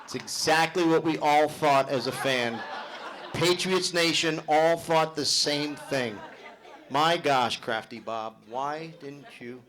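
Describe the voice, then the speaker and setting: A middle-aged man doing loud, animated, swearing stand-up storytelling at a club show. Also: on the high side, takes it slowly, a crowd in the background, background noise. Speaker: stand-up comedian. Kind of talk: live stand-up comedy. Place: club event hall with live audience.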